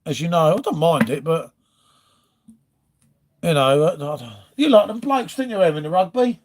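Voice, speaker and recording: A man's voice: fairly high pitch, lively intonation, normal speed. A man from England hosting a casual live stream from home, rambling and chatting to viewers as he reads out their comments. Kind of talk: casual chat.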